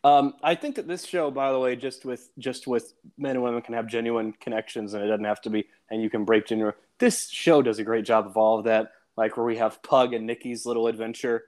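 A man's voice: medium pitch, steady tone, brisk, hardly any pauses, a little mellow. An enthusiastic man co-hosting a casual podcast, with an ordinary mid-range voice. He laughs a lot and retells scenes in loose conversation. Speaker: podcast co-host.

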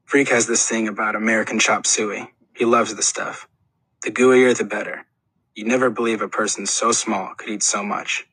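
A man's voice: fairly low pitch, steady tone, moderate pace, a bit bright, slightly rough, no room sound, rough recording. A man reading a first-person audiobook in an earnest, plain storytelling manner. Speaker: audiobook narrator.

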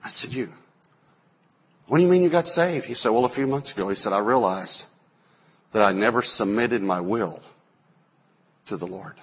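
Male pastor, 40s, low husky voice, animated sermon storyteller. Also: normal speed, long pauses. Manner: storytelling, acts out quotes with sudden loud bursts.

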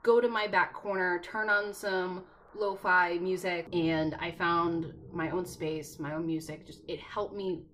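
A woman co-hosting a podcast, explaining her points in a measured, orderly way. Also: fairly low pitch, steady tone, fairly bright tone, a little hiss or hum. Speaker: podcast co-host. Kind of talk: casual podcast chat.

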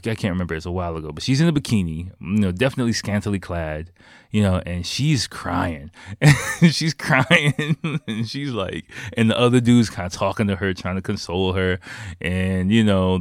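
A man's voice: sits low, no echo, studio quality. A man casually telling rambling, profane stories to the camera, laughing often between his words. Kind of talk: casual storytelling.

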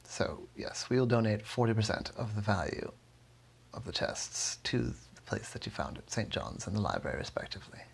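A man's voice: lowish voice, animated, moderate pace, creaky, husky, heavily acted. A man doing a bossy rich treasure owner. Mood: pleased.

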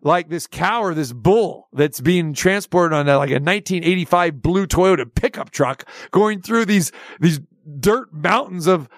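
A man's voice: high voice, a little slow, dry recording, clean studio sound. A middle-aged man telling a long story in casual chat, often restarting his sentences and acting out the voices of the people in it. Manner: animated, restarts often, acts out dialogue in a raised voice.

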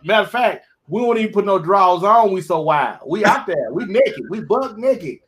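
A man co-hosting a casual live chat, animated and teasing, joking often. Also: sits high, moderate pace, a little hiss or hum. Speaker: co-host.

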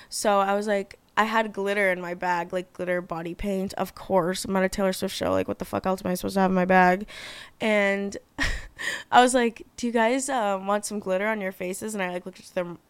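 Gushing young woman, smooth dry voice. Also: medium pitch, no echo. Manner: chatty and gushing, heavy on fillers, swears casually. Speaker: podcast host. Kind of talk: casual solo podcast chat.

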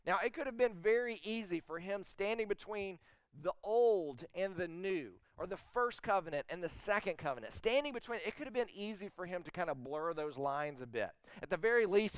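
Emphatic preaching man, smooth voice. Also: sits high, brisk, dry recording. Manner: animated, emphatic preaching with rhetorical questions. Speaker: pastor. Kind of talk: sermon.

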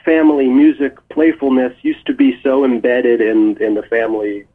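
A man as a guest musician in a phone interview, talking in a relaxed, thoughtful way with many fillers. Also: mid-range voice, moderate pace. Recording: tinny phone line.

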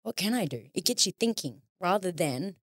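A woman's voice: on the low side, lively intonation, moderate pace, dry recording, clean studio sound. A woman in her thirties, a podcast guest, talking candidly in casual conversation, swearing freely and acting out the voices in her head.

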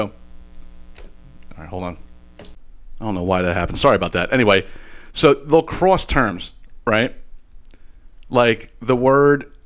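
Rambling, cursing podcast host, slight Philly accent. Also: male voice, medium pitch. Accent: slight Philadelphia. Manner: rambling, animated, frequent profanity and restarts. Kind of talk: casual profane monologue.

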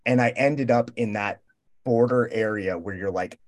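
A man's voice: lowish voice, normal speed. Profane rambling storyteller, young man. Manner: rambling, profane, animated storytelling with quoted dialogue. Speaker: roundtable guest. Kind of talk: casual storytelling.

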